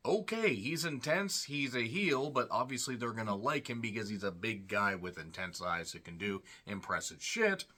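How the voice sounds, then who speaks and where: A man with a fairly low, sharp-toned voice delivers a rambling, sarcastic solo review of a wrestling show, peppered with snarky asides.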